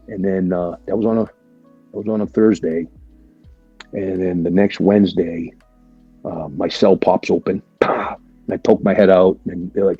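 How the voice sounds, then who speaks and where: A man's voice: sits low, steady tone, a little fast, breathy edge, dry recording, highs cut off, faint music behind. A man, a military veteran, talks candidly as a podcast guest and keeps asking "right?" while he swears casually. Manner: candid, profane, full of "right?" and "like". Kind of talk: casual storytelling.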